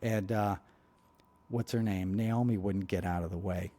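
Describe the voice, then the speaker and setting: A male podcast host with a fairly low, mellow voice delivers a casual political monologue at a slightly slow pace with fairly even intonation. He speaks bluntly and heatedly, wandering into asides and plugging pauses with "you know," loose and chatty as if addressing regular listeners.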